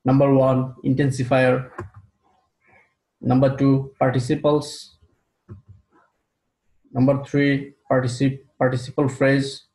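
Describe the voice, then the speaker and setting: A man teaching an English grammar lesson, speaking slowly and deliberately and repeating key terms for his students. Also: mid-range voice, darkish tone. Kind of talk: recorded classroom lecture. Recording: roomy echo.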